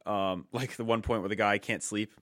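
Casual guy on a podcast, kinda low voice, lots of "you know" and "like". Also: steady tone, moderate pace, a bit bright, no echo, clean studio sound. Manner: chatty, enthusiastic, loose with fillers. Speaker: podcast co-host.

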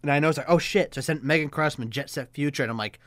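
A man's voice: on the high side, very fast, fairly bright tone, dry recording. A man hosting a podcast in loose, joking casual chat, laughing often. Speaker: podcast host.

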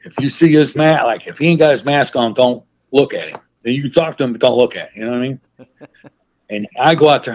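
Husky man with a muffled sound. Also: medium pitch, fast. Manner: profane, animated anecdotes. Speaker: guest, wrestling manager. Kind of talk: casual storytelling interview.

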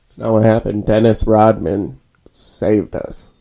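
A man's voice: fairly low pitch, steady tone, measured pace, creaky, warm tone. A young man co-hosting a casual podcast from a spare room, laid-back and swearing freely. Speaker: podcast co-host. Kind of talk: casual chat. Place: small spare room used as a home studio.

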